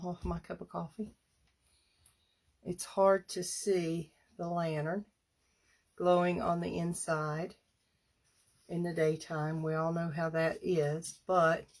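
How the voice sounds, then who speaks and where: A woman demonstrating a paper craft on a live stream, chatty and unhurried, stopping now and then to clear her throat. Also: lowish voice.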